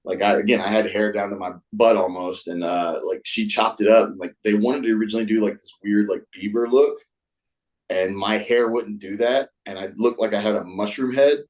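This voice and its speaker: Low-voiced man telling stories. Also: fairly even intonation, a little fast, darkish tone, poor audio. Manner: rambling, with many fillers and restarts. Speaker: guest. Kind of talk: casual storytelling.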